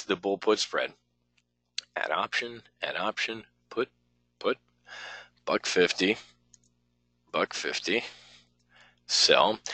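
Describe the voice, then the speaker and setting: A man with a fairly low, forceful voice teaches options trading in a live webinar, thinking aloud as he goes. His manner is blunt, rambling and sometimes profane. The sound is dry and close. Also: no room sound, low-quality recording.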